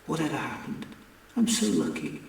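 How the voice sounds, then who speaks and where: A man's voice: on the high side, huge pitch swings, moderate pace, vocal fry, voice pushed up, heavily acted. A man as a lovestruck male alien, earnest. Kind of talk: audiobook character voice. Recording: echoey room, distant mic.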